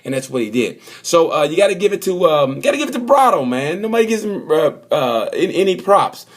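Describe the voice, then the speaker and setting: A man's voice: on the high side, sing-song, brisk. Joking guy rambling about racing. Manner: joking, rambling, acts out quotes. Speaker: motorsport vlogger. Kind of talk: casual comedic race review.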